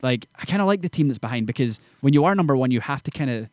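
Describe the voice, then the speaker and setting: A man's voice: mid-range voice, no room sound. A young man, a songwriter, telling stories animatedly in casual chat full of slang. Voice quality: fast, animated storytelling with slang. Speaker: songwriter guest.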